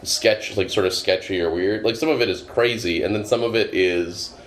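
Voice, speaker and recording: A man's voice: on the low side, moderate pace. A male comedian from Boston, a guest on a podcast, telling stories in casual chat with a meandering, filler-filled, dry delivery. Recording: roomy with faint noise.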